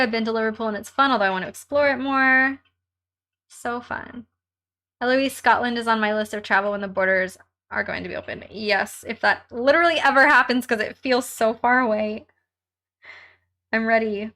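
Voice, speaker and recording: A young woman hosts a casual live stream from home while crafting, bubbly as she chats with viewers, reads their comments aloud and laughs often. Her voice is a little high, bright and forceful.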